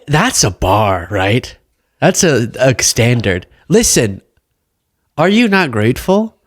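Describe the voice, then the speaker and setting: A man's voice: medium pitch, very animated, takes it slowly, no echo, clean studio sound. A young man hosting a political commentary show, talking casually and sarcastically and laughing often.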